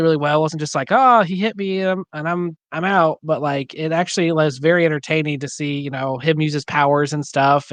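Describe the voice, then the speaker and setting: Higher voiced guy guesting on a podcast, giggly and excited, dry sound. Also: no echo. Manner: excitable, laughs through his words, lots of "like". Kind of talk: casual chat.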